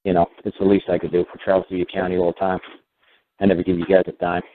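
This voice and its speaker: Fast-talking man on narrow radio audio. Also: deep voice, little pitch movement, slight background noise. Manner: rambling, profane, repeats "you know what". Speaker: radio show host. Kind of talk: radio talk show monologue.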